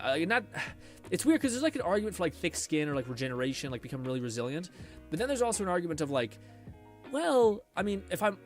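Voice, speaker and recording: A man streamer chatting casually with his stream chat and answering comments in a rambling way, full of fillers and restarts. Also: fairly high pitch.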